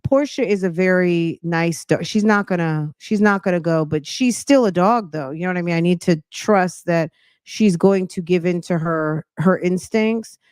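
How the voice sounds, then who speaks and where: A woman's voice: fairly low pitch, normal speed, a little mellow, clear, resonant tone, no room sound, clean studio sound. A woman hosting a podcast, chatting casually and a little out of breath, talking straight to her viewers with slang. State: slightly out of breath. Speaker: podcast host. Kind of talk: casual commentary chat.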